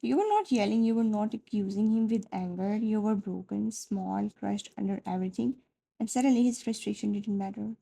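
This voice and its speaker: A woman narrating a second-person fan fiction story in a soft, dramatic storytelling manner. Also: medium pitch, fairly quick, vocal fry, breathy edge, poor audio.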